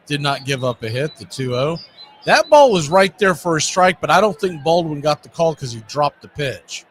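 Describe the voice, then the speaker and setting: A man calling live baseball play-by-play in a relaxed, conversational way, with chatty asides between pitches. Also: moderate pace, slight background noise. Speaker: play-by-play announcer.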